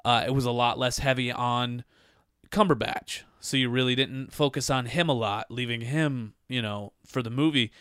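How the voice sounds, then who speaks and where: A man's voice: medium pitch, fairly even intonation, moderate pace, fairly bright tone, smooth, no room sound, clean studio sound. A man co-hosting a casual movie trailer podcast, ranting with profane exasperation. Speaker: podcast co-host.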